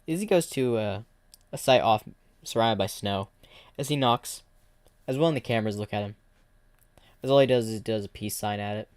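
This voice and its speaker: A man's voice: fairly low pitch, normal speed, pauses often, clear, resonant tone, dry recording. A man streaming and narrating an improvised fan story, rambling and restarting sentences.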